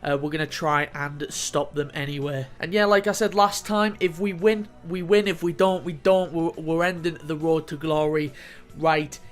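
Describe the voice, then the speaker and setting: A man casually commentating over his own football video game highlights, getting loud and excited on chances and goals. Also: moderate pace, faint music behind. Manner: swears casually, chuckles at his own replays. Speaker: gaming YouTuber.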